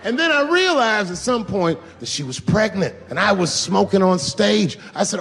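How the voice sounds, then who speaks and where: A man's voice: high-pitched, big pitch swings, moderate pace, few pauses, a bit bright. A middle-aged man doing stand-up comedy on stage, telling loose, profane stories full of acted-out quotes. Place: comedy stage before a live audience.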